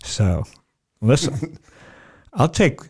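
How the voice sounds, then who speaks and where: A man's voice: medium pitch, sing-song, extremely slow, breathy edge. A middle-aged man hosting a podcast in a casual joking chat, rambling and self-mocking, jumping off topic. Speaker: podcast host.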